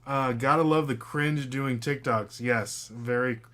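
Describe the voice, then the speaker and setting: A man's voice: medium pitch, fairly even intonation, a little slow, a bit bright. Chatty man hosting a casual podcast. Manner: loose and chatty, many fillers, talks to his dog. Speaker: podcast host. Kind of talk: casual live podcast chat.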